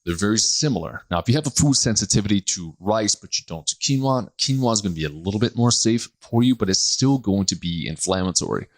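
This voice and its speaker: Joking, animated podcast host. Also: male voice, on the low side, quick pace, few pauses. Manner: animated and joking, laughs often, acts out quoted people. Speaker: podcast host, health practitioner. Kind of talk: solo podcast monologue.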